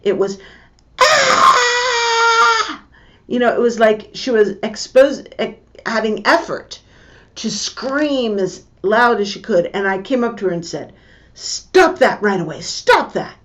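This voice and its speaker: An older woman giving a lesson with personal stories, talking in a slow, measured way and repeating her key points. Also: medium pitch. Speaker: teacher.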